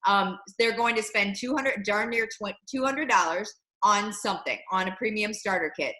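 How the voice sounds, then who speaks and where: A woman hosting a casual chat, talking in an animated, emphatic way with lots of fillers. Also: mid-range voice, moderate pace, roomy sound, low-quality recording. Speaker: host.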